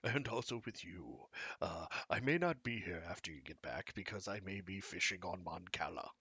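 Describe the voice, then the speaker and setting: A man's voice: low voice, expressive, normal speed, sharp tone, husky, dry recording, exaggerated voice. A man voicing a senile, forgetful old male archivist in a tabletop role-play, talking in a confused, rambling way.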